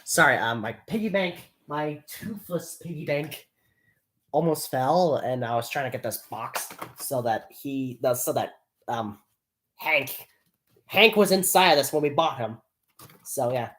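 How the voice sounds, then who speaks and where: Low-voiced woman rambling on a live stream. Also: animated, measured pace, fairly bright tone. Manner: rambling, giggly, lots of fillers. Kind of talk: casual live stream chat.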